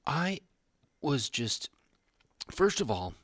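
A young adult man co-hosting a podcast, telling animated, rambling stories in casual chat. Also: medium pitch, takes it slowly, breathy edge, dry recording, clean studio sound. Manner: rambling, animated storytelling with restarts. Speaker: podcast co-host.

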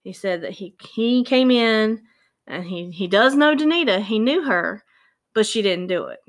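A woman casually retelling a true-crime case, animated and acting out the quoted voices. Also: medium pitch, unhurried.

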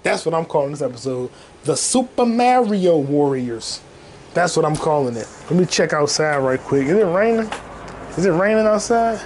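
A young man hosting a casual solo podcast, talking in an excited, profane and repetitive way, full of street slang. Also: a little high, a little fast, slight background noise, low-quality recording. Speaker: podcast host.

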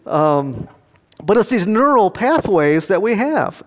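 Older folksy preacher in a reverberant hall. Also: male voice, sits high, big pitch swings, normal speed. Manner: folksy storytelling, asks the congregation questions. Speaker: pastor. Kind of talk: sermon. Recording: long reverb of a large hall.

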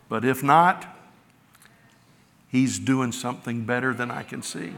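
A middle-aged man preaching from the pulpit with a bright, forceful edge to his voice. He builds to loud emphatic peaks, then pulls back to a soft, intimate hush. The sound carries a long church-hall reverb. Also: medium pitch, measured pace, creaky, long pauses. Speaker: pastor. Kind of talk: sermon. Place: large church sanctuary.

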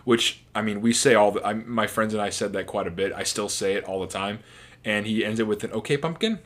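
A man's voice: on the low side, little pitch movement, a little fast, fairly bright tone. A man in a casual commentary, talking about his favorite film scenes in a rambling, chatty way with restarts. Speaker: movie reviewer.

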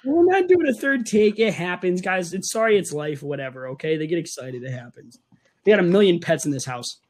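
A man's voice: high voice, brisk. A young man co-hosting a casual podcast, ranting and joking with his co-host, tagging lines with "okay?". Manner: ranting, animated, says okay often.

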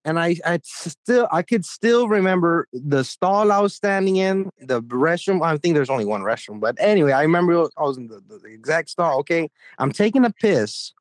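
A man's voice: on the high side, expressive, moderate pace, hardly any pauses, dry recording. A young man co-hosting a casual podcast, telling stories in a profane, rambling way with jumpy emphasis. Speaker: podcast co-host. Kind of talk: casual crude podcast banter.

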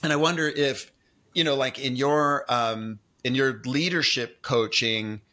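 A man's voice: medium pitch, a little slow, sharp tone. A man hosting an interview podcast, chatting casually and thinking aloud with frequent restarts. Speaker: podcast host interviewing a guest.

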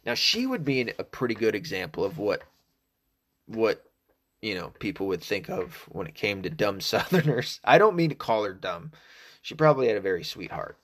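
A man's voice: on the low side, animated, normal speed, slight background noise. A young man from the American South with a faint Southern accent, talking in a casual, profane, rambling monologue full of restarts. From Arkansas, US South.

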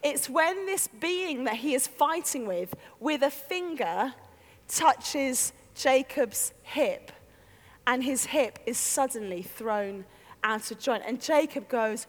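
High lively lady preaching, big swoopy voice, echoey church hall. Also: slow. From North London. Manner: animated, acts out voices, laughs often. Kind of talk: lively storytelling sermon.

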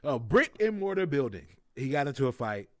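A young male comedian, there as a guest, relates a story in casual conversation with lots of laughter, animatedly acting out the voices of those he quotes. His medium-pitched voice is fairly quick, and the recording is dry and clean, studio quality.

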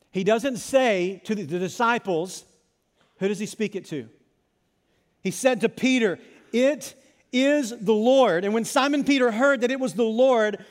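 A man preaching a sermon, telling a Bible story in an animated way and acting out the dialogue. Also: sits high, long reverb tail. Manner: animated storytelling, acts out biblical dialogue with repeated phrases. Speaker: pastor.

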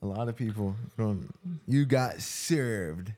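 A young man co-hosting a casual podcast chat, reacting with quick questions and slang. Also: on the low side, warm tone, dry recording. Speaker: podcast co-host.

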